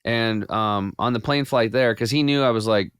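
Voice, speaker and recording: A man guest on a podcast, telling his health story in a casual, animated way with many restarts. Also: medium pitch, normal speed, clean tone, dry recording, clean studio sound. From United States. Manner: animated storyteller with frequent restarts and quoted self-talk.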